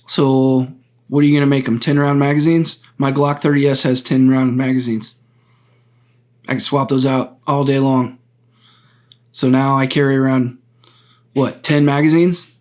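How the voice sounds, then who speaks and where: In a medium-pitched voice, a man talks through a topic on his own as host of his own podcast, offering solo political commentary. His manner is earnest and deliberate, with frequent restarts as he explains point by point.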